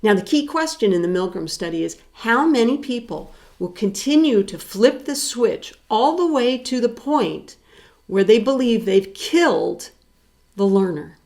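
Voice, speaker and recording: A woman's voice: on the high side, expressive, unhurried, creaky, a little mellow. Woman, psychology professor, recorded lecture, explanatory with rhetorical questions.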